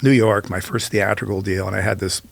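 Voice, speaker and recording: A man's voice: fairly low pitch, steady tone, fairly quick, vocal fry. An older man, a filmmaker guest, telling rambling anecdotes in a casual interview, often restarting and quoting others.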